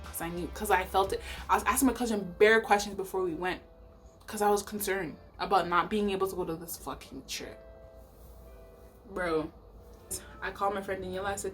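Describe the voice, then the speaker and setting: A young woman from Canada telling a story to her vlog audience, animated and profane, repeating lines for emphasis, recorded on a camera mic in a rented bedroom. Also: medium pitch, a little fast, faint music behind. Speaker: vlogger. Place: Airbnb bedroom.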